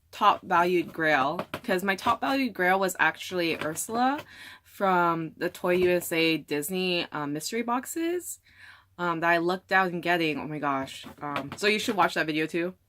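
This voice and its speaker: A woman's voice: fairly low pitch, pushed and bright, slight background noise. A young woman talking casually in an unboxing vlog, rambling with lots of fillers. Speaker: vlogger.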